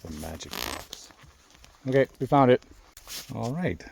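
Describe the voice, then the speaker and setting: Outdoors at a lakeside campsite, a Canadian man narrates his camping vlog in a gravelly, darkish, medium-pitched voice that swings widely in pitch and moves a little slowly. He's chatty and easygoing, laughing often, with faint outdoor noise in the background.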